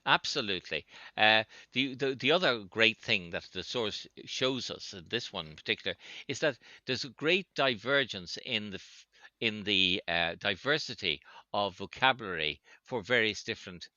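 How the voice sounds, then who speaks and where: A man being interviewed as a linguist, hesitant with many fillers and restarts, warmly savoring idioms. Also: fairly low pitch, lively intonation, moderate pace, dry recording, dull audio. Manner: relishes idioms, enthusiastic asides. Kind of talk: conversational interview.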